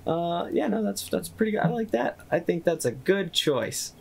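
A man running a tabletop game as dungeon master, easygoing and quick to chuckle. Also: high-pitched, very animated, gravelly, a little mellow, breathy edge. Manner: easygoing, chuckling, hedges rulings.

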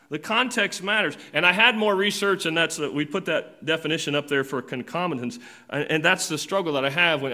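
Pastor, male, mid-pitched, conversational sermon delivery with frequent restarts and shifts from loud to quiet. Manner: conversational preaching, swinging between loud emphatic and quiet asides; repeats words and restarts often.

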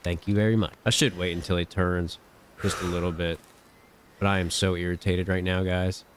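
Animated man, low voice. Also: normal speed, a little hiss or hum. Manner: animated, swears often, talks to viewers. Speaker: gaming channel host. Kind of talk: excitable gameplay commentary.

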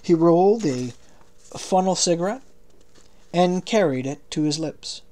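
Steady man reading an audiobook. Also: on the high side, measured pace. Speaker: audiobook reader. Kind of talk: audiobook narration.

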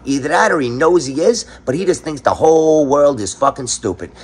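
A man with a New York accent delivers a sarcastic, foul-mouthed comedic rant. His voice is husky and a bit rough, and every line is packed with casual profanity. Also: on the high side, expressive, brisk. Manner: sarcastic, crude, swears constantly. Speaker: commentary host.

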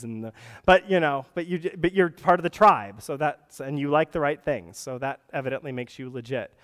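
A man's voice: a little high, fairly quick, fairly bright tone, clear, resonant tone. A male pastor preaching a sermon. He is earnest and breaks into conversational asides and restarts. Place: church sanctuary. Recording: long reverb of a church hall.

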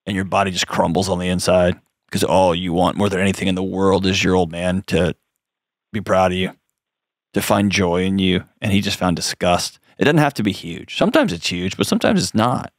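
A man's voice: low voice, fairly quick, dry recording, studio quality. A man hosting a call-in advice show, coaching a caller in an earnest, direct way with frequent restarts.

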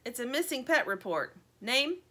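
A woman's voice: high-pitched, very animated, moderate pace, pushed and bright, full character voice. A woman doing a tough hard-boiled chick detective. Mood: gruff. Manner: blunt, clipped, hard-boiled.

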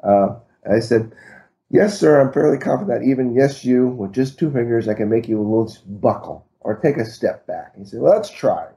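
Mellow-voiced man telling a rambling story. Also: mid-range voice, animated, normal speed. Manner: rambling, many fillers and restarts, self-deprecating humor. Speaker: martial arts instructor guest. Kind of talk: storytelling in an interview.

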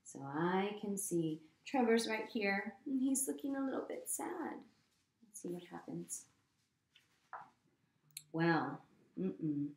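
A woman reading a picture book aloud to children in a gentle manner, often pausing to ask them questions. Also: mid-range voice, animated, echoey room. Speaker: storytime reader.

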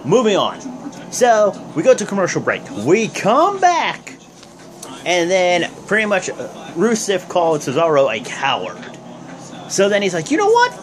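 Young guy recapping wrestling, rambly and jokey, voice jumps all over, loud hum behind. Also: sits high, very animated, measured pace. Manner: rambling, joking, many fillers. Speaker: host of a wrestling review vlog. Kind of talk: casual recap talk. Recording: noisy background hum.

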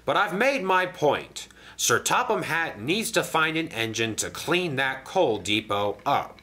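A grand, indignant express engine, voiced by a man who splutters and complains. The voice is pushed up high and loud with a bright ring. Pompous at every turn. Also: big pitch swings, unhurried, exaggerated voice. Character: pompous grumpy big male express engine.

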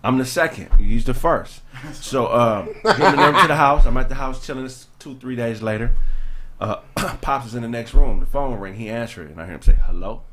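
A man's voice: mid-range voice, brisk. A man from Los Angeles in his thirties hosting a podcast, telling a funny story in casual chat and acting out the people in it. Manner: animated storyteller, acts out voices of people in the story. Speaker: podcast host.

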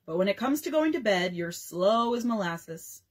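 A man's voice: sits high, expressive, normal speed. A woman doing a bossy, blustery father. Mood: mock-grumbling. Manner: blustery and teasing. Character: bossy, fussy father of twelve.

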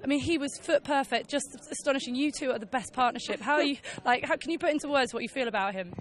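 A woman hosting trackside interviews at a horse event. She talks in a chatty, gushing rush and lets her emotions show. Her voice sits a touch above the usual pitch for a woman. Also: fast. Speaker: equestrian show presenter.

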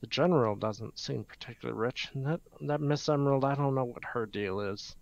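A man's voice: medium pitch, a little fast, creaky, dry recording, lightly acted. A man voicing a brash adult goblin adventurer in a tabletop game, talking in a blunt, wry, irreverent way on a dull, dry lo-fi mic. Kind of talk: tabletop game role-play.

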